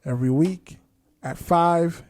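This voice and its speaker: A man's voice: fairly high pitch, slow pace, darkish tone, no echo. Laid-back New Jersey man, dry podcast mic. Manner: laid-back, slangy and chatty. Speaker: podcast co-host. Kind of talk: casual chat.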